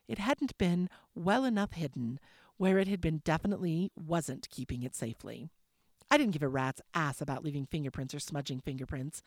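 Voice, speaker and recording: A woman host reads a novel aloud in a low voice, steady and clear. She sounds relaxed between chapters, and the close mic sound is very dry. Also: no echo. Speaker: host and audiobook narrator. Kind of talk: audiobook narration.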